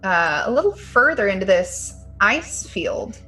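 A woman running a tabletop game as game master, calmly describing scenes. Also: mid-range voice, unhurried, soft background music, rough recording. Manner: calm, descriptive.

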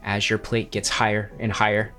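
A man's voice: lowish voice, completely flat delivery, moderate pace, pushed and bright, faint music behind. A man narrating a tabletop game as game master, descriptive and wry.

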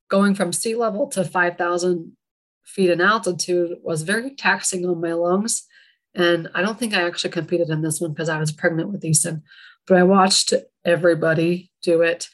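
A chatty woman with a rural Utah twang tells family stories in a loose, rambling way, poking fun at herself. Her voice sits a little low for a woman, and she talks like a host speaking straight to her listeners. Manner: chatty, rambling, self-deprecating humor. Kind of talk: casual storytelling monologue.

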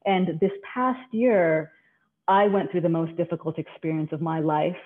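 A woman's voice: deep voice, steady tone, moderate pace. A woman from Canada talks as a podcast guest, composed and articulate as she tells her story. Her voice comes through a tinny, phone-like remote line. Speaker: leadership coach, guest. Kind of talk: podcast interview. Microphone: remote call.

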